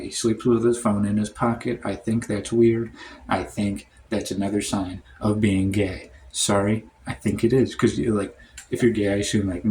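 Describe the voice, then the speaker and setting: A man telling a comic story in a rambling, deadpan way, full of "like" and "um". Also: fairly low pitch, slight background noise. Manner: rambling, heavy on "like" and "um". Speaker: storytime comedian. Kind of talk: comedic storytime monologue.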